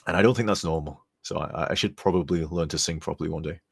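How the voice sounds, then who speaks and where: Chatty low-voiced, husky man streaming. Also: fast talker. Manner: chatty, rambling, reads donor messages aloud. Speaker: streamer and modder. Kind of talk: casual live-stream chat.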